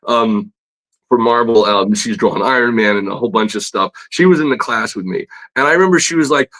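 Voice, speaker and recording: A male comic book artist telling a long personal story as a podcast guest. His voice sits at an ordinary middle pitch. His delivery is loose and animated, full of fillers and quick laughs. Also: poor audio. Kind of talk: casual storytelling in a podcast interview.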